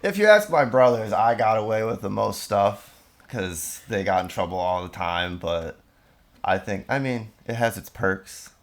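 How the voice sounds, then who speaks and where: Gravelly, low-voiced young man guest. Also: lively intonation, unhurried. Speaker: podcast guest. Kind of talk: casual chat.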